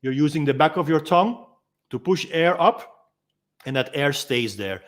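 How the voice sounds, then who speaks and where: A freediving instructor, a man whose first language is Dutch, calmly teaches a technique in an instructional demonstration. His voice is slightly high, and he explains gently and unhurriedly, pausing often with small ums between points.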